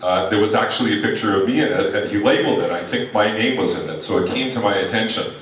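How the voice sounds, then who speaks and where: Deep-ish male speaker, dry self-deprecating humor, recorded from afar in a roomy hall with an audience. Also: fast, a bit bright, a little hiss or hum. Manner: wry, self-mocking. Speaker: reunion speaker sharing memories. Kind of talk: humorous reminiscing speech. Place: large echoey hall at a reunion. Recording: echoey hall, distant mic, crowd.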